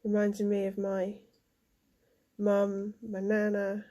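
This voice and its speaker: A woman giving a spiritual card reading, emotional and halting, with many fillers. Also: mid-range voice, monotone, warm tone. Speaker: tarot card reader.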